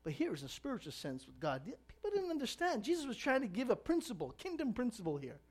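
Preacher swinging from shouts to hushed tones. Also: wildly swooping pitch, quick pace. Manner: swings between shouted emphasis and hushed, low-voiced asides. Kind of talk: sermon.

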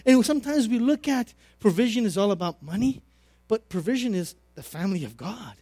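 Middle-aged man, preacher, high voice, sermon storytelling, repetitive phrasing, dry close recording. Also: animated, brisk, warm tone, dry recording. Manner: personal storytelling with repeated phrases and swings in volume.

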